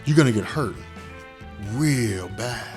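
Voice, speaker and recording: A man's voice: medium pitch, animated, slow pace, a little mellow, soft background music, voice pushed down. Bossy armored director, as a man puts him on. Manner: pushy, casual slang.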